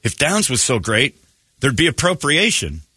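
Husky, lively-voiced radio host man. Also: mid-range voice, moderate pace, dry recording, clean studio sound, some chatter behind. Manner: crude, joking, rambling. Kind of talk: casual morning radio chat.

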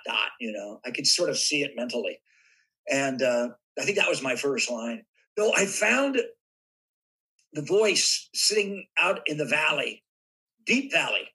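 A man in casual interview chat, spinning lively anecdotes and slipping into voices to act them out. His voice is very bright and forward, with a husky edge, pitched a little above most men. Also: rough recording. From United States. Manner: animated raconteur, acts out voices in anecdotes. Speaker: guest actor.

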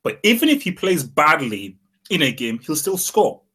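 Husky, emphatic football podcast co-host. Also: male voice, a little high, normal speed. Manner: animated, emphatic, repeats words when starting. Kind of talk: casual football podcast chat.

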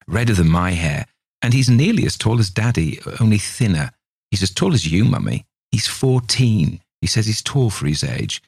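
A man voicing a small, wilful adopted girl in a spoken ghost story, lifting his voice into a childlike pitch. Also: very animated, moderate pace, vocal fry, darkish tone, breathy edge, no echo, studio quality, exaggerated voice. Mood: eager.

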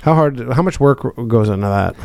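A man co-hosting a comedy podcast, riffing with profane, quick banter. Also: mid-range voice, expressive, gravelly, darkish tone, dry recording. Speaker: podcast co-host. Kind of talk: casual comedic chat.

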